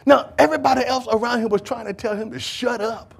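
A man preaching a sermon in church, emphatic and full of rhetorical questions, swinging from shouts to hushed asides. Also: very high-pitched, fairly even intonation, quick pace, gravelly, breathy edge.

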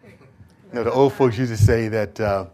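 A pastor preaching a sermon, swinging from hushed lines to loud bursts and acting out scenes from scripture. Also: male voice, fairly low pitch, fairly even intonation, moderate pace. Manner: acts out dialogue with Bible figures.

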